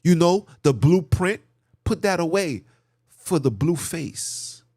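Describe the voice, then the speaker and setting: A man's voice: a little high, lively intonation, takes it slowly, dark tone, husky, no echo, studio quality. A man hosting his own channel, giving impassioned political commentary in a preachy, repetitive, rhetorical way, with mocking asides. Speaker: channel host.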